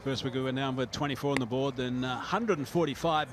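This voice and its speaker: A man commentating live cricket in a relaxed, explanatory way, with frequent pauses and fillers. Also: medium pitch, slight background noise.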